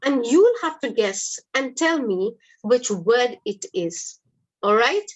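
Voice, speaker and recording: A woman's voice: fairly high pitch, sing-song, slow, poor audio. A woman, teaching an online lesson in a patient, encouraging way. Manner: encouraging, patient classroom explaining. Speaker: English teacher. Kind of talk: live online English lesson.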